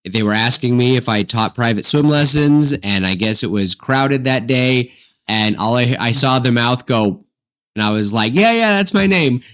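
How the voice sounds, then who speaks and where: A man co-hosting a podcast in casual chat, animated and apologetic, laughing often. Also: mid-range voice, normal speed, clear, resonant tone. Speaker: podcast co-host.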